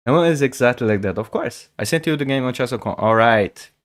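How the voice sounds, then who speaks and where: A man's voice: medium pitch, animated, fairly quick. A man, a Portuguese speaker, chatting casually with viewers on a chess stream, often stammering and repeating words. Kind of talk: casual livestream chat.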